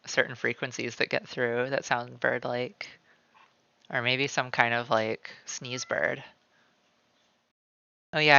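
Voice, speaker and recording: Drawing live on stream at home with his cat nearby, this man rambles loosely, packing in "like" fillers and referring to himself by name in the third person. He has a mid-range, creaky voice with a bright, forceful edge. The audio is smooth, though the highs are cut off.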